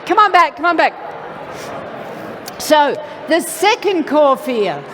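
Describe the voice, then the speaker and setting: A woman's voice: high-pitched, wildly swooping pitch, drawn-out words, long pauses, a bit bright, some chatter behind, a little hiss or hum. A middle-aged woman giving a motivational keynote, playful and talking straight to her audience from the stage. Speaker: keynote speaker. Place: large event hall. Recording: reverberant hall.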